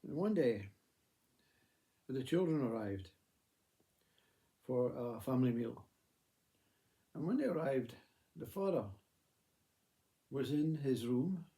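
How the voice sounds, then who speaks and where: Male narrator for a parable; low-sheened, gravelly, mellow, measured delivery. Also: animated. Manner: measured, repetitive, gently emphatic. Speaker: storyteller. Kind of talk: spoken parable.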